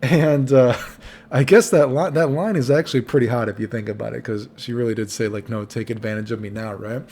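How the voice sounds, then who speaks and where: A man's voice: medium pitch, fairly even intonation, a little fast, darkish tone, husky. Young guy, vlog storyteller, loose and foul-mouthed, chatty tags. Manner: casual, profane, rambling with "right?" tags. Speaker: vlogger. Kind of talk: storytime monologue.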